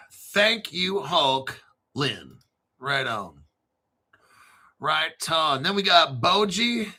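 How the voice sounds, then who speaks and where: A man hosting a casual online talk show, talking in a profane, animated way. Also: a little high, drawn-out words, pauses often, breathy edge. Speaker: crypto channel host. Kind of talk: casual livestream chat.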